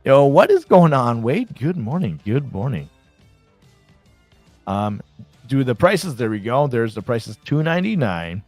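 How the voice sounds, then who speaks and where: Male stream host, excitable and casual, dry sound, soft music under. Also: medium pitch, a little slow, no echo. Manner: excited, chatty, reads chat aloud. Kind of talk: casual live stream chat.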